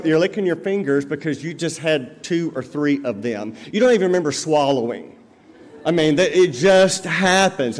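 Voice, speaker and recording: A man preaching a sermon as pastor, in a conversational way full of everyday examples. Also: fairly high pitch. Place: church sanctuary. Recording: long reverb of a church hall.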